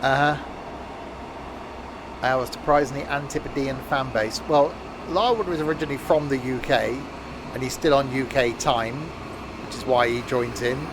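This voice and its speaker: A man's voice: mid-range voice, normal speed, pauses often. A man casually chatting with his live-stream viewers while playing a game, making wry asides. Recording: steady background noise.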